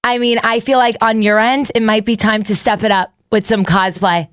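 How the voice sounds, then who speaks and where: A woman's voice: fairly high pitch, steady tone, moderate pace, clean tone, no room sound, clean studio sound. Chatty woman podcast host, thirties. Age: 30s. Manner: chatty, self-deprecating, rambling with restarts. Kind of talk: casual confessional chat.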